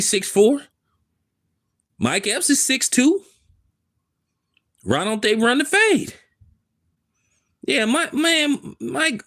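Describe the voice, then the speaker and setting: A man's voice: extremely high pitch, a bit bright. A man giving emphatic, casual commentary, repeating himself for stress in street slang. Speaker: commentary host. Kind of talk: opinionated commentary.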